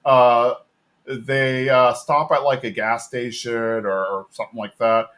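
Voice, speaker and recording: A man's voice: medium pitch, steady tone, a little slow, fairly bright tone. A man co-hosting a podcast, recapping a cartoon episode in a rambling, casual way and quoting characters in a raised voice. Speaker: podcast co-host.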